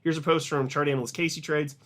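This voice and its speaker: Excited man talking crypto. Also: fairly high pitch, fast. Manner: excited, emphatic, repeats words. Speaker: crypto video host. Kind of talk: casual commentary to camera.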